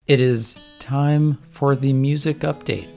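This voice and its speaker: A man's voice: medium pitch, fairly even intonation, takes it slowly, gravelly, dark tone. A man hosting a podcast, chatting casually about music picks with frequent laughs and trailing fillers. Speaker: podcast host.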